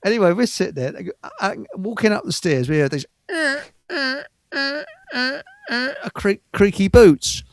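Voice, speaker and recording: A man's voice: high-pitched, expressive, normal speed. An older man, host of a live stream, telling stories in a rambling, stammering way and chuckling often. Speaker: show host. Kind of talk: casual storytelling on a live stream.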